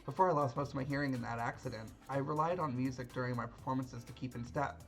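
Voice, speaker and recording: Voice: medium pitch, fairly even intonation, fast talker, faint music behind, natural voice. A woman reading the lines of a cheerful hard-of-hearing young female dancer in a folksy, chatty way.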